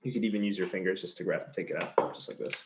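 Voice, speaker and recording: A man's voice: low-pitched, steady tone, fast. A male chef giving a cooking demonstration, explaining each step in an easygoing, chatty way as he chops vegetables in a kitchen. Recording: slightly dull sound with faint noise.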